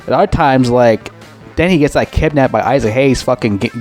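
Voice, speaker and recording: A man's voice: medium pitch, a little fast, darkish tone, faint music behind. A man giving a casual, profane movie review, rambling and complaining in an exasperated way.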